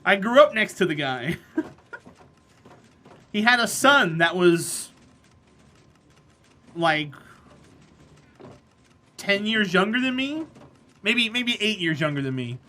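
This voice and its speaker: Blunt, bright-voiced woman streamer. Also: mid-range voice, sing-song, slow pace, long pauses. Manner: blunt, opinionated, answering chat by name. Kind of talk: casual live-stream chat while gaming.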